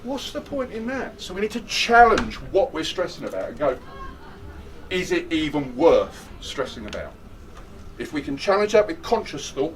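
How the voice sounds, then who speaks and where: A man's voice: on the high side, far from the mic, low-quality recording. A man leading a stress management workshop, joking and chatty and putting questions to his audience. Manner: animated, jokey, chatty, asks the audience questions. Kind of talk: lively interactive workshop talk.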